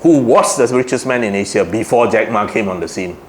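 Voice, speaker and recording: Malaysian guy doing a dhamma talk, lowish voice, asks the crowd stuff then answers it, bit of hiss behind. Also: fairly quick. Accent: Malaysian English. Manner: asks the audience questions and answers them himself. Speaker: Buddhist Dhamma speaker. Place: Buddhist society hall.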